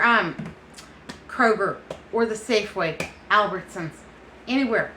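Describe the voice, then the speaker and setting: A middle-aged woman vlogger chats casually to camera, affectionate and folksy, calling people honey and baby while seeming a bit foggy and unsteady. Her mid-range voice is unhurried, pushed and bright, with lively intonation. The rough recording sounds roomy and has a little hiss or hum.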